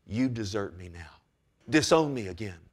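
A man voicing a sorrowful man who confronts a disloyal friend, speaking slowly in a hushed, pleading way. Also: lowish voice, animated, voice pushed down.

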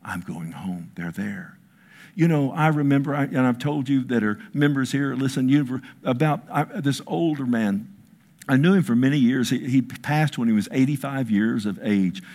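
A man preaching a sermon, telling stories with emphasis, his voice dropping hushed and then rising, with frequent asides like "listen" and "I mean.". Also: mid-range voice, moderate pace. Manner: storytelling, emphatic, swings between hushed and raised; repeats "listen" and "I mean" as fillers. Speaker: pastor.

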